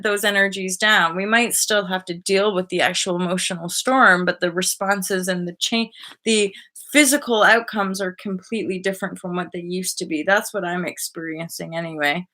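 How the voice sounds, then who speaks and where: A young woman hosting a live stream and chatting casually to her viewers in a spiritual, rambling way, full of fillers and quick asides. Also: mid-range voice, bright, forceful tone.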